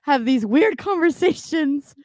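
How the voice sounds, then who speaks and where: A young woman with a fairly high voice, talking bluntly and swearing freely as she co-hosts a casual podcast. She laughs often between stories. The sound is dry and close. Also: expressive, unhurried, darkish tone, dry recording. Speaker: podcast co-host.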